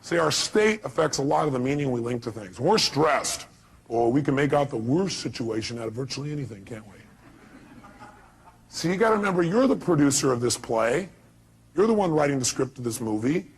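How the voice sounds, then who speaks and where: Male motivational speaker, raspy, punchy rhetorical questions to the crowd; quick to cast. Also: mid-range voice, big pitch swings, poor audio. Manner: emphatic, fires off rhetorical questions. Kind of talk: motivational speech to a live audience.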